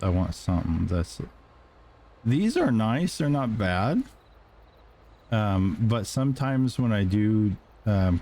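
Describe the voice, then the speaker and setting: A man's voice: low voice, mellow, slight background noise. A man streaming a farming game, talking casually with many ums and uhs as he plays. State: clearing throat, dusty room. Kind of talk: casual gameplay commentary.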